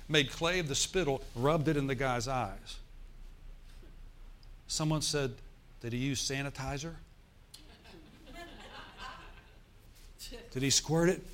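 A man's voice: medium pitch, slight background noise. Man, pastor, preaching, storytelling sermon, congregation asides. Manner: preaching with call-and-response asides; animated storytelling, acts out forced laughter.

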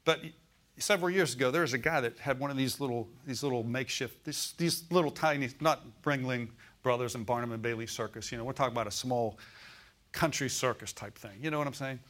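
A man's voice: medium pitch, fast talker, a bit bright. An older man preaching a sermon in a folksy, rambling way, climbing to emphatic declarations when he quotes scripture.

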